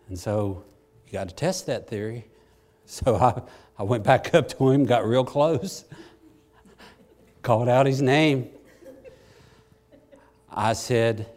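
A middle-aged man preaching, telling a personal story in a folksy, self-deprecating way that swings from hushed to excited. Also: mid-range voice, measured pace, long pauses. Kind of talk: sermon storytelling.

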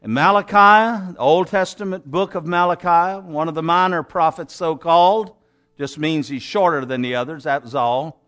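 A man's voice: fairly high pitch, normal speed, a bit bright. Man, pastor, raised voice, plainspoken sermon delivery with dramatic scripture reading. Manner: folksy preacher, reads scripture with emphatic swings.

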